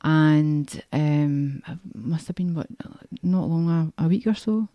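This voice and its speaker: A woman's voice: low-pitched, takes it slowly, no echo, highs cut off. A Scottish woman co-hosting a radio show, chatting casually and rambling through her sentences with fillers. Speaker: radio host.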